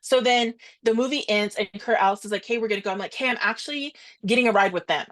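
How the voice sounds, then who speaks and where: A young woman co-hosting a podcast, telling a story in casual chat, animated and quoting others in quick asides. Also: a little high. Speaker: podcast co-host.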